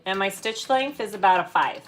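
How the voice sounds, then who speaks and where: A woman's voice: medium pitch, animated, brisk, a little hiss or hum. A woman hosting a live sewing demonstration, chatty as she explains each step and greets viewers. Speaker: sewing tutorial host.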